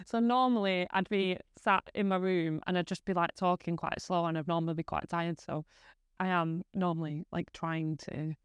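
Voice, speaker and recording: A woman in her thirties with a northern English accent, hosting a casual podcast chat at home, talking quickly and swearing freely. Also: fairly low pitch, steady tone, clear, resonant tone, no room sound, clean studio sound. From northern England. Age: 30s. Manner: fast, chatty, swears freely, laughs often. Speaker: podcast host. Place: living room at home.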